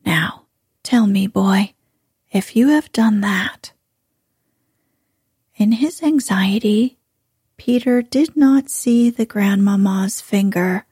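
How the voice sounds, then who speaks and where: Slow whispering woman storyteller. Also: mid-range voice, slightly rough, no room sound, studio quality. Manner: soft, measured narration. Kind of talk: whispered role-play.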